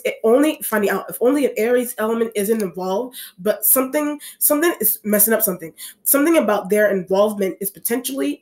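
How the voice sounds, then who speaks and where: Reading tarot for an audience, a woman speaks in a medium-pitched, a little mellow voice. Her delivery wanders, with many restarts and repeated phrases.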